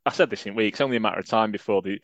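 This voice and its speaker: A man's voice: fairly low pitch, racing, a bit bright, no room sound, highs cut off. A man co-hosting a casual football podcast, wry and teasing. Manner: wry, teasing, drifts into jokey put-on voices. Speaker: podcast co-host.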